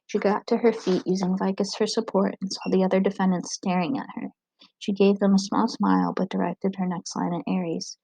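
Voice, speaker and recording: Woman reading a novel, flat and mellow. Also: mid-range voice, slightly rough, no echo, poor audio. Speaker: audiobook reader.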